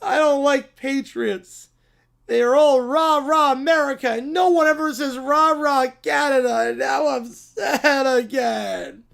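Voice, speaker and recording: A man's voice: extremely high pitch, very animated, moderate pace, vocal fry, exaggerated voice. A man doing a whiny Canadian brat. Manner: whining, loud and drawn out. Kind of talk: reading a viewer prompt as a skit.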